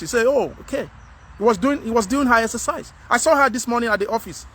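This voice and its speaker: A man's voice: very high-pitched, fast, bright, forceful tone. A man with a Nigerian English accent, giving a frank, earnest monologue to camera as a vlogger, often repeating himself to press a point.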